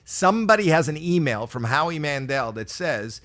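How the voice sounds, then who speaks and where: A man in his sixties doing a stand-up set for an audience he cannot see. He spins long, self-mocking stories and keeps tripping into quick restarts before landing the punchline. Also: on the high side, sing-song, fairly bright tone. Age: 60s. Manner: rambling, self-deprecating storytelling with frequent stammered restarts. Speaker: stand-up comedian. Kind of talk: stand-up routine for a virtual audience.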